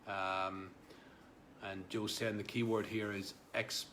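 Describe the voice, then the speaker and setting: A man's voice: lowish voice, level tone, slow, bright, forceful tone, a little hiss or hum. A man hosting a casual live stream, reading out viewer comments in a rambling way, with many fillers and repeated words. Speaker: livestream host.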